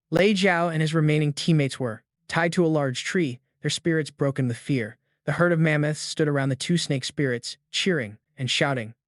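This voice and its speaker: A man's voice: fairly high pitch, dry recording, studio quality. A man steadily reading a scripted story recap as narrator.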